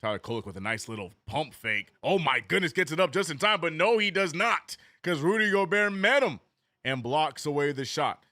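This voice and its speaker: A man streaming a live watch-along, doing casual play-by-play and answering chat, jumping up in pitch on big plays and slang-heavy in between. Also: normal speed, no echo, clean studio sound. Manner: excitable, rises sharply on big plays, drops low reading chat; casual slangy talk, says bro and man.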